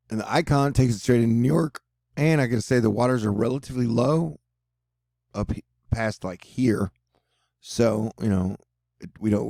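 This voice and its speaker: A Texan man chats his way through tropical storm forecasts in a dark, gravelly voice, cracking odd jokes as he goes. The sound is dry and close, like a home setup. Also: lowish voice, no room sound. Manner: joking, rambling, offbeat asides. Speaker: weather video host. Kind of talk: casual storm-tracking commentary over forecast maps.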